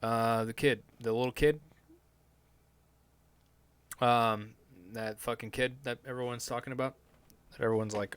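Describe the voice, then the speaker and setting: A man's voice: mid-range voice, steady tone, measured pace, long pauses, clear, resonant tone. A man hosting his own podcast as a live stream, rambling and sardonic, swearing often and restarting his sentences. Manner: meandering, profane, full of fillers and restarts. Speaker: podcast host.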